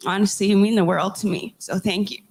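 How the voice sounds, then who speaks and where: A young adult woman hosting a podcast, sharing a heartfelt personal story in an earnest, emotional way, halting and restarting as she speaks. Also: mid-range voice, fairly even intonation, creaky, a little mellow, slight background noise. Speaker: podcast host interviewing survivors.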